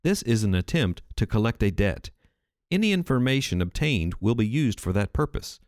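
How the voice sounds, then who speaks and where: A man reading a male debt collection phone message in an even, formal announcer style into his studio mic. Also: fairly low pitch, normal speed, dry recording. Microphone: studio microphone.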